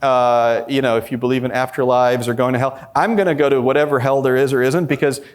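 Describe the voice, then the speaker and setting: A man's voice: steady tone, fast. Blunt, candid male conference speaker. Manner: acts out quoted dialogue with shifting pitch. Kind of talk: live conference presentation. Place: conference session with a live audience.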